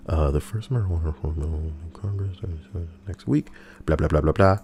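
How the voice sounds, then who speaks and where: A man's voice: extremely low pitch, brisk, mellow, husky. A man hosting a livestream, reading posts aloud and riffing on them with crude, sarcastic commentary into a close desk mic. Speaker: livestream host.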